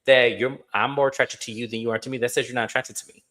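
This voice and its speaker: A man's voice: mid-range voice, fairly even intonation, quick pace, fairly bright tone. A man co-hosting a casual live stream, making blunt, emphatic points and repeating them.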